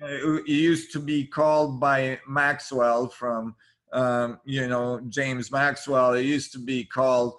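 A man's voice: mid-range voice, flat delivery, takes it slowly, a bit bright. A man who is a guest in an interview, explaining ideas earnestly and checking in with the listener as he goes.

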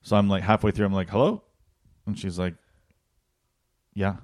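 A man with a fairly low voice co-hosts a casual comedy podcast. He spins wry, profanity-laced stories into a dry, close studio mic. His delivery stays conversational and offhand. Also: little pitch movement, moderate pace, darkish tone, no echo. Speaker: podcast co-host.

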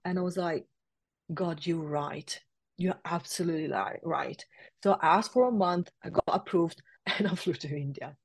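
A woman in her forties, a guest in a casual interview, telling her story in a lively way with frequent laughter. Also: on the low side, normal speed, breathy edge, no echo. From south-west London. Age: 40s. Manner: lively, laughs often, acts out past conversations. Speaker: interview guest, yoga teacher.

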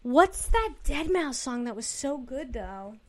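Woman on a podcast gushing about stuff, slightly high voice, casual chat. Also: big pitch swings, measured pace. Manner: enthusiastic, gushing reactions. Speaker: podcast co-host.

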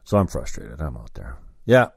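A man's voice: mid-range voice, lively intonation, moderate pace, a little mellow, no room sound, clean studio sound. A man telling a long, rambling story, cursing and cutting himself off mid-sentence. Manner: rambling, self-interrupting, profane.

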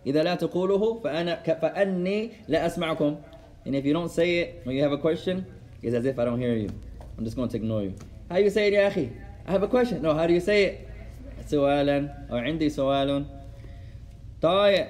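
A man's voice: a little high, animated, very fast, darkish tone. A male teacher giving a classroom lesson, switching between Arabic and English and repeating words for the class. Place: classroom with students.

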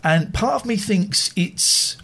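Husky, emotional man. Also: sits high, expressive, slow pace, a bit bright. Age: middle-aged. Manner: open, emotional, rambling. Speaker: host. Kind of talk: casual chat.

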